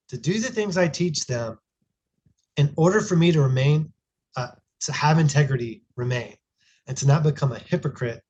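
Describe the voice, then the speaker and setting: A man's voice: fairly high pitch, a little mellow, highs cut off. A man in his thirties, a podcast guest, telling a family story in an earnest, reflective way with frequent restarts. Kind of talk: casual conversational storytelling.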